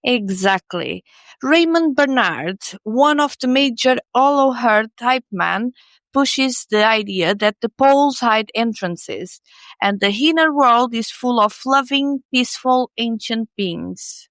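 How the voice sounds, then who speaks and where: Slow, wry higher-voiced woman storyteller. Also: expressive, fairly bright tone, no echo. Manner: wry, storytelling delivery with sarcastic asides. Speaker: podcast co-host. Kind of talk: scripted comedic narration.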